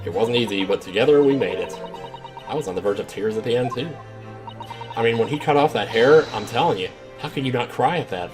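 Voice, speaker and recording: A man hosting a game playthrough, joking and reading the dialogue aloud with sudden excited outbursts. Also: medium pitch, fairly quick, music in the background. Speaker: gaming channel host. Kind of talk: let's play commentary.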